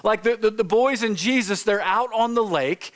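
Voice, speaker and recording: Male pastor, light high voice, informal sermon that acts out its stories. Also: moderate pace, fairly bright tone. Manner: informal, storytelling, acts out quotes. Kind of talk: conversational sermon. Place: church sanctuary.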